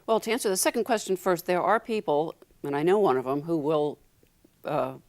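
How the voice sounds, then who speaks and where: Guest spot: middle-aged woman academic, low voice, measured and explanatory. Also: a little mellow. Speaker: linguistics professor guest. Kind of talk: casual interview talk.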